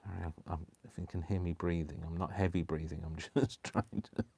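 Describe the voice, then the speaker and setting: A man's voice: low voice, fairly even intonation, brisk, creaky, warm tone, husky. A man hosting a live crafting stream, rambling and talking to himself with a lot of apologies as he works. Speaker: craft channel host. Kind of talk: casual live crafting chat.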